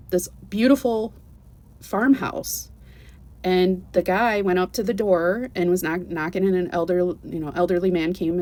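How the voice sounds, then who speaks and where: Low-voiced woman telling a story. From United States. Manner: earnest and animated, with many restarts and "you know"s. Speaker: vlogger telling a travel story. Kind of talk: casual personal storytelling.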